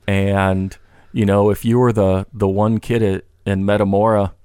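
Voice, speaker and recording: A man with a fairly low voice talks in a loose, rambling way, full of restarts and fillers. It is a casual podcast conversation. The sound is dry and close. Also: flat delivery, unhurried, darkish tone, smooth, no echo. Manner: rambling, many restarts and "you know" fillers.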